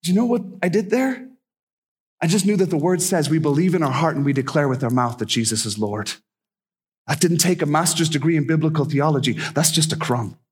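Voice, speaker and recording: A male missionary preaches a sermon in a casual, emphatic way, repeating key phrases. His voice is high-pitched and breathy. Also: brisk.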